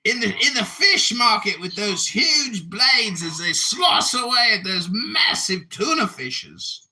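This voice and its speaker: A man in his forties hosting a livestream, shouting and mocking someone in a heated argument. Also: high voice, sing-song, slow pace. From United States. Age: 40s. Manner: mocking, shouting insults, mock British slang. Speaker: livestream host.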